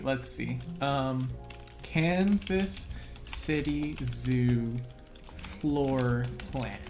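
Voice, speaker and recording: A livestreamer chatting casually with viewers in a giggly, playful way. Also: mid-range voice. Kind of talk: casual live-stream chat.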